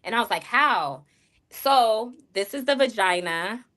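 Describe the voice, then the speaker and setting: A woman's voice: on the high side, lively intonation, moderate pace. A woman streamer telling a personal story to her chat in a frank, rambling way, full of fillers and asides to her viewers. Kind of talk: candid livestream storytelling.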